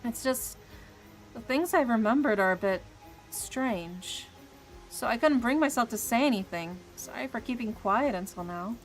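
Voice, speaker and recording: A woman's voice: a little high, animated, moderate pace, rough recording. Woman reading earnest young man, serious, troubled, game dialogue, faint music behind.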